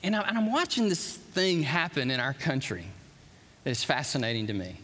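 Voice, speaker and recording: A man's voice: mid-range voice, sing-song, brisk, a bit bright. A man preaching a live sermon to a congregation, impassioned and repeating words as he gets worked up. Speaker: pastor. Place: church hall with congregation. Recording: long reverb of a large hall.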